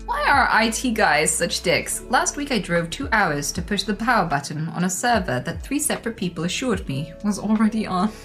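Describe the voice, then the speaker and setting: A woman's voice: mid-range voice, big pitch swings, moderate pace, few pauses, a bit bright, soft background music. A woman streamer reading memes aloud and reacting, laughing often and swearing freely.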